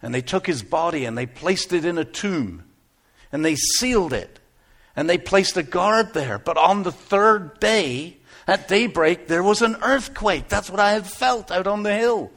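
Man acting as an aging biblical shepherd, gravelly and husky, earnest first-person monologue, stage drama. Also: high-pitched, animated, measured pace, heavily acted. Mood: wondering. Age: older. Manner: earnest storytelling with big swings from hushed to exclaiming.

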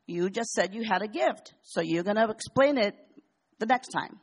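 An older woman sharing a personal testimony in a chatty, animated storytelling way. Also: mid-range voice, normal speed. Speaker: church member sharing a testimony.

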